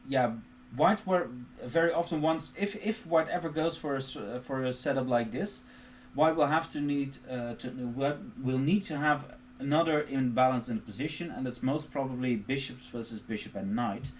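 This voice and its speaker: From a home streaming setup, a man offers live chess commentary, reasoning through positions and moves aloud with dry jokes at his own expense. His voice is medium-pitched and moderately paced, with a slight hiss or hum in the audio.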